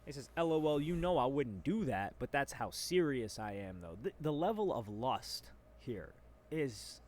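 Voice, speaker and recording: A man's voice: mid-range voice, big pitch swings, normal speed, darkish tone. A man reading out messages and reacting with incredulous, mocking asides in casual reaction commentary.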